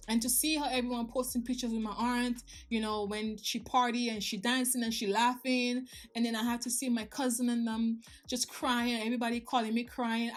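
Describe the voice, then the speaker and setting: A woman in her thirties talking straight to her viewers in a personal vlog, emotional and confiding, with some slips in her grammar. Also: a little high. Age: 30s. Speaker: vlogger. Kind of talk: personal life update vlog.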